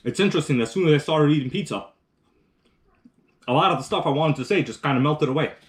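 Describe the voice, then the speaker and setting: Speaking quickly with a fairly high voice, a livestream host eats and chats casually, reading his viewers' comments out loud as he rambles and restarts.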